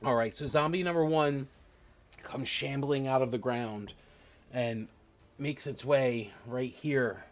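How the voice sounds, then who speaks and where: A man's voice: medium pitch, slow pace. Man, dungeon master, casual rambling delivery, dull lo-fi stream sound. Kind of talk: running a live-streamed tabletop game.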